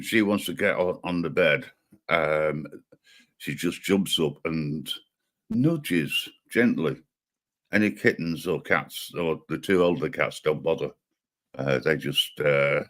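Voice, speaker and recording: A man's voice: extremely low pitch, a bit bright. A man co-hosting a casual livestream chat, rambling with many ums, chuckling and teasing dryly. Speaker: livestream co-host.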